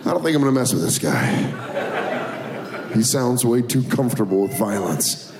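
A man doing a stand-up routine with self-deprecating, deadpan punchlines, recorded live in an echoey comedy club with a laughing audience. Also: mid-range voice, normal speed, a crowd in the background.

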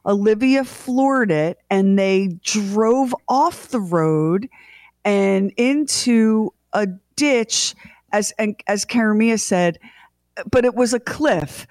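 A middle-aged woman co-hosting a morning radio show, telling a family story in a lively way and acting out everyone's lines. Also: mid-range voice, dry recording, studio quality.

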